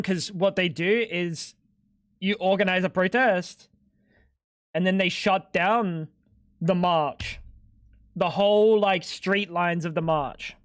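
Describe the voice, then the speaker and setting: A man's voice: high-pitched, dry recording, clean studio sound. A man chatting casually on a live stream, rambling and sweary, with lots of "like". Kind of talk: casual chat while gaming.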